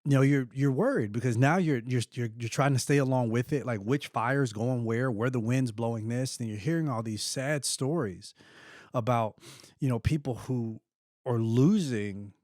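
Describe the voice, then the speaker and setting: An animated middle-aged man tells a personal story, his mid-range voice jumping up when he acts out what people said. The sound is close and dry, with no room around it. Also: mid-range voice, normal speed, dry recording. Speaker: host.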